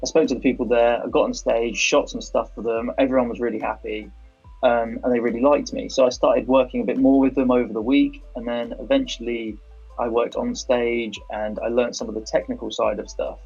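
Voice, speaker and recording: A young British man chatting as a podcast guest, his voice gravelly and a little husky. He tells his story haltingly, full of "like" and restarts. The sound is dull and lo-fi, with faint music under it. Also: medium pitch, little pitch movement, a little mellow. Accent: British English. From England. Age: young adult. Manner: hesitant, filler-heavy storytelling. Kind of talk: casual chat.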